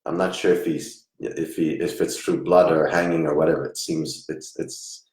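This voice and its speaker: Man, psychic medium, very deep voice, soft halting murmur, roomy echo. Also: level tone. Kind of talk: live reading.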